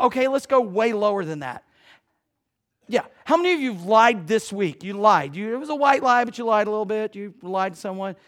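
Man, pastor, high-pitched, chatty sermon delivery with big swings in volume. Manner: conversational preaching, jokes with the congregation, swings from loud to hushed.

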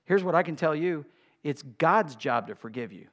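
Male pastor, fairly high voice, dramatic sermon delivery with loud outbursts. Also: lively intonation, highs cut off. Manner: preaching with sudden loud outbursts and drawn-out slow emphasis.

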